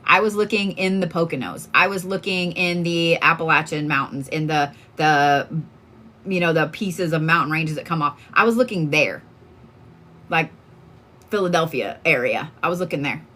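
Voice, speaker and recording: A woman with a lowish voice chats on a livestream as a tarot card reader. She is from Oklahoma and talks in a candid, loose, profane way. Her speech is full of fillers and asides. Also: moderate pace, bright, forceful tone. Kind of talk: casual livestream chat.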